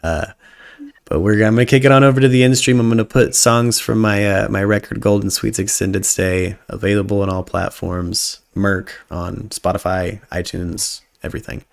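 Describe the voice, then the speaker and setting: Low, gravelly male stream host. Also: fairly even intonation, moderate pace. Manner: joking, profane, hyped-up banter. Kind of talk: casual live-stream chat.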